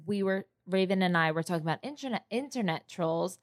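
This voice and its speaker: A woman's voice: lowish voice, expressive, brisk, no room sound, clean studio sound. A woman co-hosting a podcast in casual chat, blunt and swearing freely. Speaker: podcast co-host.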